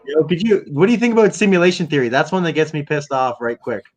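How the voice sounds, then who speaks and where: A man's voice: a little high, fast, a little mellow, faint music behind. A young man chatting on a podcast with slangy, swearing, jokey banter. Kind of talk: casual podcast chat.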